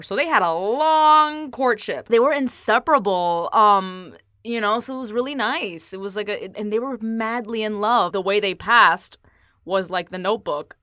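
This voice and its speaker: A woman talks casually with wry, self-deprecating humor and mixes a few Spanish words into her English. Her voice sits in a middle pitch and is recorded dry and close. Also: a bit bright, no room sound. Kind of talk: casual chat.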